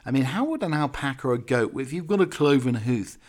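A man's voice: mid-range voice, expressive, brisk, a little mellow. Rambling male show host. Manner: rambling asides, chuckling, filler-heavy tangents. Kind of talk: chatty news-story banter.

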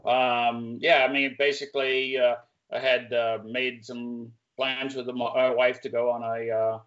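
A man's voice: medium pitch, little pitch movement, a little slow, fairly bright tone. A retired firefighter, a man, candidly telling his story step by step as a podcast guest. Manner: candid, plain-spoken, telling events step by step. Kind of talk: conversational interview storytelling. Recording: dull lo-fi recording.

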